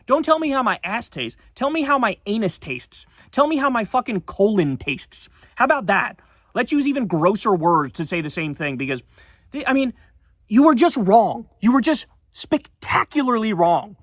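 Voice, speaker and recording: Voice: mid-range voice, very animated, dry recording, clean studio sound. A streamer ranting casually about politics on a livestream, swearing often and sounding indignant. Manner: profane, indignant, fast-talking.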